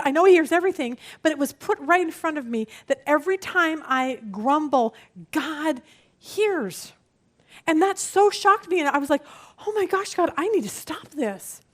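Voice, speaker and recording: Woman Bible study teacher, high-pitched, animated, plays out quotes. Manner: animated, laughs easily, acts out quotes.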